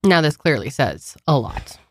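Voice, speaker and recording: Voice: medium pitch, big pitch swings, moderate pace, dry recording, studio quality. A podcast co-host chatting casually, offering thoughtful, brief reactions. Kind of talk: casual chat.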